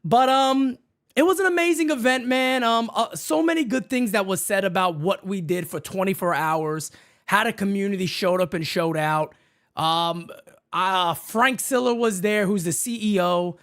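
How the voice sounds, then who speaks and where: A man hosting a baseball fan live stream from his home setup, hyped and shouting out viewers in the chat by name. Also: sits high, moderate pace. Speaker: baseball fan show host.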